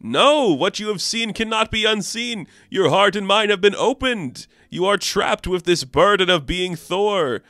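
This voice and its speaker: A man's voice: high-pitched, expressive, unhurried, hardly any pauses, sharp tone, dry recording, clean studio sound, pitched above the performer's own voice, full character voice. A man voicing an earnest male thunder god who speaks formally.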